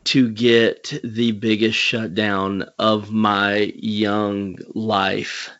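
A man's voice: lowish voice, level tone, drawn-out words, a bit bright, highs cut off. A man with a Southern US accent hosting an interview, rambling and hesitant, laughing often. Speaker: podcast host. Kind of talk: casual interview chat.

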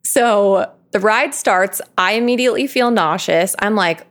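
A woman's voice: mid-range voice, normal speed, hardly any pauses. Woman telling a story, laughing as she goes. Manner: animated, laughing, full of filler "like". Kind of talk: casual chat, storytelling.

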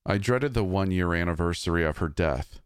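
A man reading a scripted horror story in a measured, somber way. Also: low-pitched, expressive, smooth, no room sound, clean studio sound.

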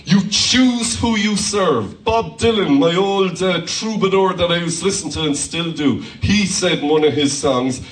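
Lively pastor in an echoey hall. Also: male voice, on the high side, slight background noise. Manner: lively preacher, rising to shouted hallelujahs. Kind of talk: sermon. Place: church hall. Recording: echoey church hall from far off.

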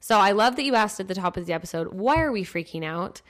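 A lively woman in her thirties co-hosts a casual podcast, speaking with emphatic energy. Her voice sits at an ordinary middle pitch for a woman. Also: fast. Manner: animated, emphatic storyteller. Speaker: podcast co-host. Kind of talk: casual podcast chat and read ad.

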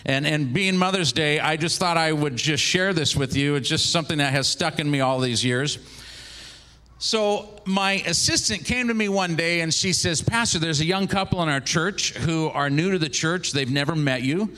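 A preacher in his forties from the Seattle area, telling a story to his congregation. His voice sits a little high for a man, and he acts out each person in the tale with lively changes of voice. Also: moderate pace. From Seattle, Washington area. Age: 40s. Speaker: traveling minister, former pastor. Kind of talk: storytelling sermon.

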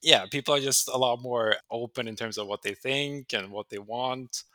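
A man's voice: medium pitch, moderate pace, dry recording. A man from Sweden, an interview guest telling stories in a conversational way and acting out the voices of people he quotes. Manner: animated, acts out quoted voices. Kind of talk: conversational storytelling.

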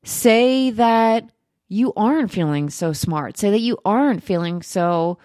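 A woman's voice: mid-range voice, expressive, slow, warm tone, dry recording, studio quality. A woman giving upbeat, chatty self-help advice straight to her viewers, laughing often. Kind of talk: encouraging direct-to-camera talk.

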